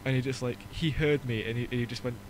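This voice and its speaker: A man's voice: mid-range voice, fairly even intonation, noisy background. Joking young Northern English man. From Northern England. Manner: joking, rambling, quick to mock. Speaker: podcast host. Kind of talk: casual chat.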